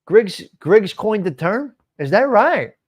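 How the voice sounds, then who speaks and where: A man hosts a live stream, rambling through viewer comments and talking back to the chat by name. His voice sits a bit high for a man, and he swears freely in a loose, casual way. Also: big pitch swings, slow, dull audio. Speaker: host of a live stream show.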